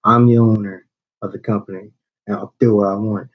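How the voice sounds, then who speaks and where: A man's voice: lowish voice, flat delivery, a little fast. A man who owns a small wrestling channel, delivering a confrontational, rambling call-out to a rival with frequent restarts. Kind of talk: call-out video rant. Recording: dull lo-fi recording.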